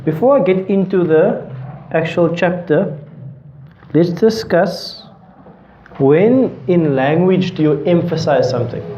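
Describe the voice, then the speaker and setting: A man's voice: a little high, slow pace, mellow, a little hiss or hum. A man teaching a classroom lecture. He explains with everyday examples and keeps checking that students are following. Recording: roomy, dull lecture-hall recording.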